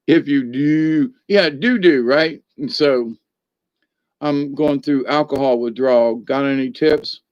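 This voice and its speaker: A man's voice: mid-range voice, slow pace, pauses often, a little mellow, dry recording, highs cut off. A middle-aged man hosting a Catholic channel in a rambling, jokey livestream chat, cackling with laughter often.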